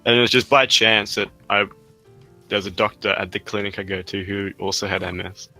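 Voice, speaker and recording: A man's voice: on the low side, fairly even intonation, fairly quick, sharp tone, soft background music. A young Australian man co-hosting a podcast, chatting in a laid-back, joking way and swearing casually. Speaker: podcast co-host. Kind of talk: casual chat.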